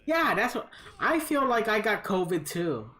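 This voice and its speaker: A man's voice: high voice, big pitch swings, unhurried, sharp tone. A man live-streaming a fighting game, chatting casually with viewers in a rambling, profane storytelling manner.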